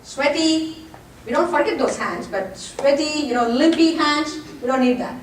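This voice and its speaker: A woman with a high voice gives a presentation. She addresses the audience directly and throws in jokes. She is picked up from a distance in an echoing room, with faint noise behind her. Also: moderate pace. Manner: direct, joking asides to the audience. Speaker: college lecturer giving a workshop talk. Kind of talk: lively presentation talk.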